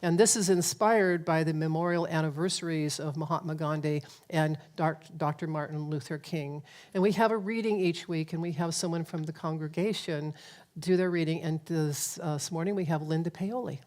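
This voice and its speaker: A woman's voice: deep voice, fairly even intonation, normal speed, a little mellow. A woman leading a church service explains a nonviolence campaign and introduces a reader, in a plain, explanatory way with small hesitations. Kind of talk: service announcements.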